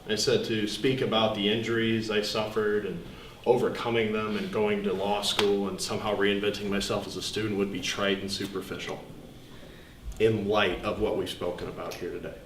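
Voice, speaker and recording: A young man speaks earnestly to a small seminar group, slowly and reflectively with pauses, his voice sitting a bit low. He sounds distant from the mic in an echoey room, with a faint hiss underneath. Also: little pitch movement, fairly bright tone. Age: young adult. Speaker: student speaker.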